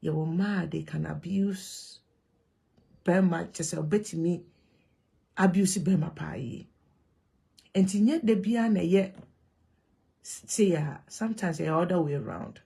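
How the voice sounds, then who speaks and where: A woman with a Ghanaian accent speaks straight to her viewers, moving between Twi and English. Her voice is gravelly and a little husky, and her delivery is animated and emphatic. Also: fairly low pitch, measured pace, pauses often. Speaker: vlogger. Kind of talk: casual monologue to camera.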